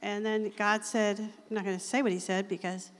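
A woman giving a casual, chatty Bible teaching, laughing often and reading scripture slowly. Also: medium pitch, level tone. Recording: long hall reverb.

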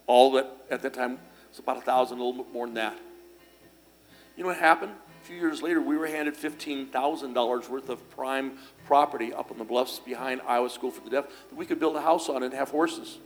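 A man's voice: medium pitch, a little fast. A man delivering a church sermon, mixing scripture with homespun stories. He talks in a folksy, easygoing way, full of little fillers and restarts, with faint music behind him. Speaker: pastor.

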